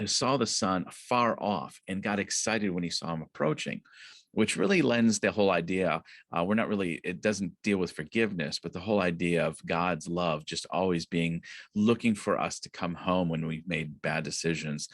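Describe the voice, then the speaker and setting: A man with a low, deep voice retells a parable to a school assembly. He talks in a loose, conversational way, often stopping to restart a phrase, and the recording sounds dry and close. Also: dry recording. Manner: halting, conversational storytelling with frequent restarts.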